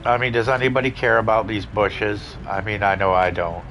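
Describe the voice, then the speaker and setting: A man's voice: on the low side, moderate pace, background noise. A man casually commenting on his gameplay, rambling and blunt, with plenty of swearing. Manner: laid-back, rambling, profane and blunt. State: yawning, a bit tired. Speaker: gaming channel host.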